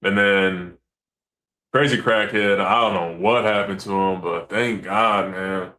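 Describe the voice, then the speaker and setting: Low-voiced man telling fishing stories. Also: slow pace. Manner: animated, acts out quotes, swears freely. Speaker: commercial fisherman guest. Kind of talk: casual storytelling.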